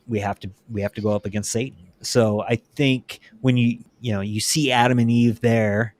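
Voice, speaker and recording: A man's voice: medium pitch, fairly even intonation, moderate pace, a little mellow, dry recording. A man co-hosting a podcast, talking casually and rambling, often correcting himself. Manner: rambling, self-correcting, chatty. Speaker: podcast co-host.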